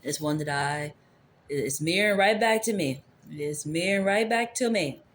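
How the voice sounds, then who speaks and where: Speaking at a moderate pace in a medium-pitched, slightly bright voice, an adult tarot reader gives a loose, rambling spiritual reading to a phone camera. Favorite phrases keep returning, and a little hiss or hum is audible.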